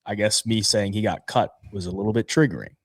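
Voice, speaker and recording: A man's voice: fairly low pitch, fairly quick, no echo. A man co-hosting a casual fight-picks show, laid-back and chatty, reading sponsor plugs too. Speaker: podcast co-host.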